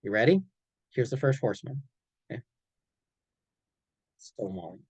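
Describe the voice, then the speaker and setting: A man giving a clinical training presentation in an animated way, checking in often and acting out examples. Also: mid-range voice, moderate pace, long pauses, husky, no echo, dull audio. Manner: animated, frequent "okay?" check-ins, acts out examples.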